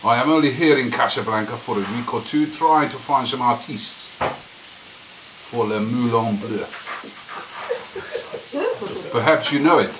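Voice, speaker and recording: A pompous French theatrical agent, played by an Englishman, formal and a little grand in his phrasing. The room around him rings with echo and clear background noise. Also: medium pitch, unhurried, long pauses, natural voice. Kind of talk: amateur murder-mystery party role-play. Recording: echoey noisy room.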